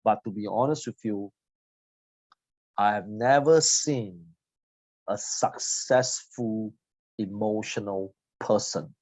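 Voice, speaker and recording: A man in his forties giving a motivational seminar talk, blunt and teasing, swinging between loud jabs and quiet asides. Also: fairly low pitch, slow pace, long pauses, no room sound. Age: 40s. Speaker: seminar trainer. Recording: dull lo-fi audio.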